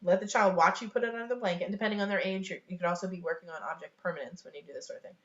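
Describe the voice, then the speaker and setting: A woman with a slightly low voice teaches sign language over a home webcam, chatty and loose, with plenty of fillers and small laughs. The room rings with echo, and the sound is dull and lo-fi. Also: rapid-fire, fairly bright tone. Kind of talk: casual online teaching. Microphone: webcam on a video call.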